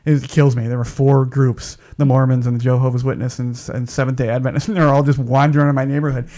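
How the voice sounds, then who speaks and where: A man in his fifties co-hosting a casual podcast chat, blunt and opinionated with halting restarts. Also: medium pitch, flat delivery, warm tone. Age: 50s. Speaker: podcast co-host.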